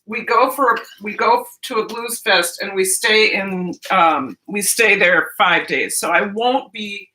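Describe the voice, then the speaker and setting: A woman's voice: mid-range voice, a little slow, few pauses, sharp tone, a little hiss or hum. A middle-aged woman vlogger chatting casually with her live-stream viewers while cooking breakfast, rambling and barely moving her jaw as she talks. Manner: chatty and rambling, with frequent restarts.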